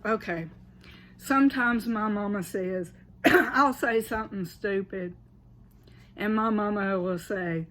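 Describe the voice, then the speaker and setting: A woman's voice: mid-range voice, takes it slowly, pauses often, a bit bright. A woman with a Southern US accent, casually explaining regional sayings, often checking in with an "okay" and laughing now and then. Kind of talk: casual explainer, partly read aloud.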